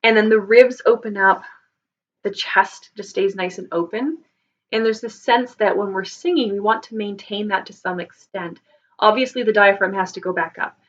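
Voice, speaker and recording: A patient, thoughtful woman voice teacher answers viewer questions in a live Q&A lesson, explaining carefully with many ums and restarts. She speaks at normal speed in a mid-range voice, and the lo-fi recording sounds slightly dull.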